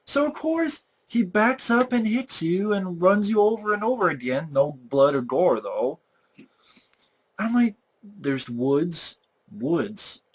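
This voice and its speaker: Exasperated, slow-talking young man ranting. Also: high-pitched, sing-song, breathy edge. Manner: exasperated, swearing, mocking. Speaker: movie reviewer. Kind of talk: profane movie rant.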